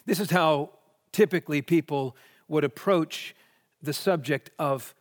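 Male preacher, higher voice, rhetorical questions, emphatic, long hall reverb. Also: unhurried. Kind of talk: sermon.

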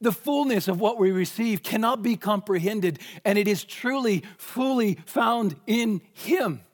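A preacher with a fairly high voice delivers a sermon earnestly and deliberately. He slows down and stretches out key phrases to press them home.

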